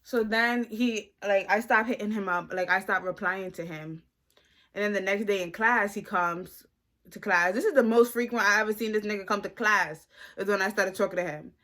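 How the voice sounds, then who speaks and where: A woman in her twenties from the United States telling a casual storytime vlog into a phone camera, animated and slangy. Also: mid-range voice, moderate pace. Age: 20s. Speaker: vlogger.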